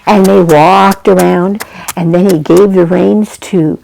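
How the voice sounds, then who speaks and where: A woman's voice: fairly low pitch, steady tone, slow, gravelly, warm tone, slight background noise, rough recording. A woman narrating a children's story in a chatty way, often turning to ask her listeners questions. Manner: chatty, addresses listeners directly.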